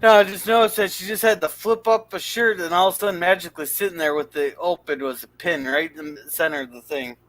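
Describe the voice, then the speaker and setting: A man co-hosting a podcast, jumping in with quick, short remarks in casual chat. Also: high-pitched, steady tone, fairly bright tone, no room sound. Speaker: podcast co-host.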